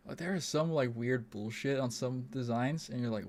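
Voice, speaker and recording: A man's voice: medium pitch, moderate pace, darkish tone, slight background noise. A young man streaming a game, chatting casually in a rambling, profane, incredulous way into a desk mic. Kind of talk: casual gaming stream chat.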